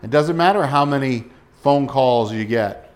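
A man's voice: medium pitch, unhurried. Man preaching a sermon with direct questions. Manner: direct, asks listeners rhetorical questions. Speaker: pastor.

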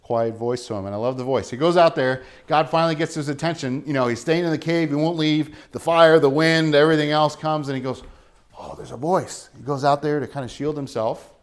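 A man preaching a sermon, earnest and dramatic, dropping to a soft low voice to press his points. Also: a little fast, few pauses. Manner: dramatic, acts out quoted voices with rising pitch and volume. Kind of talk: sermon reading and explaining scripture.

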